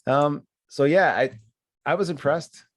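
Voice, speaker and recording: A man's voice: a little high, a little slow, dry recording. A man co-hosting a podcast, chatting casually in an easygoing, agreeable way and laughing often. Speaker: podcast co-host.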